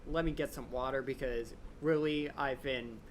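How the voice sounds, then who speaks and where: A young man hosting a live Q&A stream, rambling quickly and eagerly with lots of fillers, his voice a little drained. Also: medium pitch, a little hiss or hum. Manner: fast, excited fan rambling with many "like" fillers. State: voice a bit drained. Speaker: channel host answering viewer questions.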